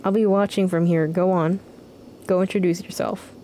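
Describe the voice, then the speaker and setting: A woman voicing a kindly, motherly village woman in a video game, speaking softly and drawing out her words. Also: on the low side, fairly even intonation, moderate pace, a little hiss or hum, natural voice.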